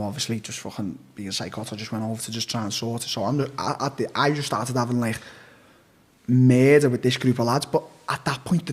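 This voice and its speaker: A man, an interview guest, telling a story in a blunt, profane, casual way and acting out what people said. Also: medium pitch. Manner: blunt and profane, with acted-out quotes.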